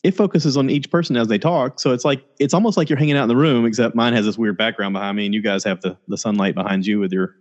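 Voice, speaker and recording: Speaking fast with hardly any pauses, this podcast host rambles loosely on a video call and performs quotations in a raised, high voice. His laptop or USB mic with headphones yields a muffled recording.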